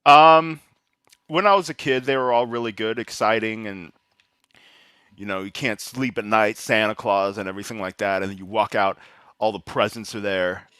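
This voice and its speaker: A man chatting casually on a podcast, telling stories in a relaxed way with lots of fillers. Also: on the low side, normal speed, smooth, no echo, studio quality. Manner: relaxed storytelling, many fillers. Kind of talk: casual chat.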